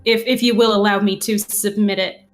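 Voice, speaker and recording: A woman's voice: mid-range voice, steady tone, moderate pace. Hesitant woman player in character. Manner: hesitant, stammering restarts. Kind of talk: in-character tabletop role-play as a lawyer.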